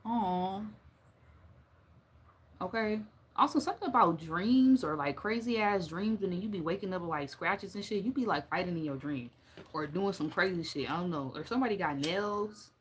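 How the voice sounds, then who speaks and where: A woman's voice: fairly low pitch, moderate pace, slightly rough. A young woman giving a casual tarot reading, blunt and profane, joking and laughing often as she talks. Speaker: tarot reader.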